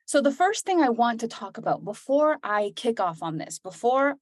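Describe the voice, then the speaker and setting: A woman's voice: a little high, sing-song, moderate pace, a little mellow, no room sound, clean studio sound. A woman hosting a live online sales training, talking in an effusive, enthusiastic way as she greets attendees by name.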